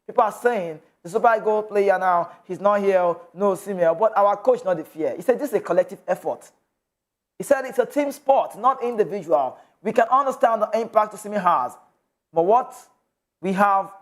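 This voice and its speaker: High-voiced Nigerian man chatting football news. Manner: chatty, mixes in pidgin asides, laughs often. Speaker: sports show host. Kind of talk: casual football news commentary.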